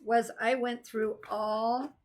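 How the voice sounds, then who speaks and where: A woman's voice: a little high, little pitch movement, slow pace. A woman vlogger chatting casually about her cross stitch projects, rambling and thinking aloud as she goes. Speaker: craft vlogger. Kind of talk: casual chat.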